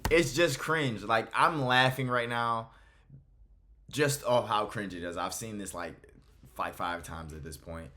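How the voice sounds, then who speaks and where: A man's voice: on the low side, unhurried, sharp tone. Blunt, exasperated man reacting to clips. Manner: blunt and exasperated, swears freely. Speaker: MMA commentary host. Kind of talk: casual reaction commentary.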